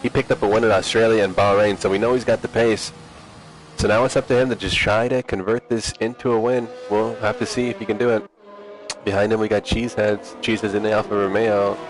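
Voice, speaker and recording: A man with a fairly low voice calls an online sim racing event. He keeps things relaxed and chatty, ribbing his co-host as he runs through the grid. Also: fairly quick, music in the background. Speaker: race commentator.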